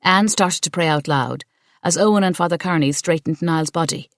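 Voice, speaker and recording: A woman narrating an audiobook in steady, measured scripted narration. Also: on the low side, no room sound, clean studio sound.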